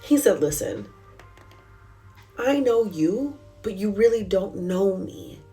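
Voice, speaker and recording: A woman's voice: medium pitch, expressive, slow pace, mellow, faint music behind. A woman giving a candid, emotional spoken devotional, telling her own story in a casual, conversational way. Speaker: Christian speaker.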